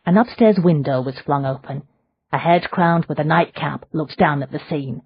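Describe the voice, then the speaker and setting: A woman reads a novel aloud in a measured, dramatic storytelling manner, her voice low and husky. The sound is close and dry, with a slightly dull, muffled tone. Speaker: audiobook narrator. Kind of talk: scripted narration.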